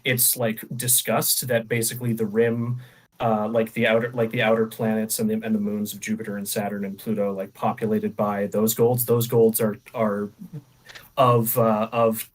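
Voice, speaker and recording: A man's voice: lowish voice, level tone, normal speed, distant mic, low-quality recording. A man co-hosting a book club chat, explaining lore in a hesitant way with many fillers. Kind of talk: casual chat.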